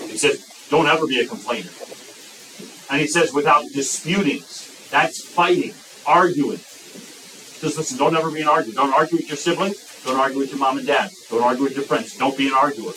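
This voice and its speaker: A man preaching a sermon to a young audience, emphatic and repetitive, slowing down when he quotes scripture. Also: mid-range voice, bright, forceful tone, distant mic, a little hiss or hum, poor audio. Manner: emphatic, repeats phrases, slows for quoted scripture.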